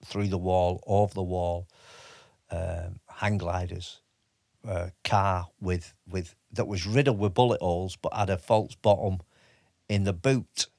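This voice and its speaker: A man in his fifties recalls his army days in a relaxed interview. He speaks in a low voice and often stops and restarts mid-sentence. The sound is close and dry. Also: gravelly, dry recording. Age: 50s. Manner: halting, with many restarts and fillers. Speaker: podcast guest, army veteran. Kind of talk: casual interview storytelling.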